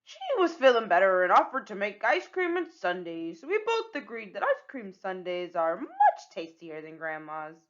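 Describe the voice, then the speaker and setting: Woman putting on a gruff male pirate, blustery, lively pitch swings, lo-fi. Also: normal speed, few pauses. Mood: blustering. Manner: gruff pirate talk with "arr" and "matey".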